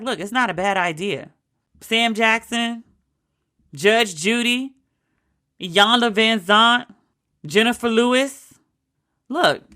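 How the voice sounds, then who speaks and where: A woman hosting a casual commentary podcast, ranting in an animated, sarcastic way with plenty of profanity. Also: medium pitch. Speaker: podcast host.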